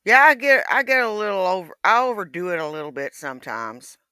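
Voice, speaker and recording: A man's voice: sits high, animated, brisk, pushed and bright, smooth, dry recording, clean studio sound. A man chatting casually, in a blunt and offhand way with some swearing. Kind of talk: casual livestream chat.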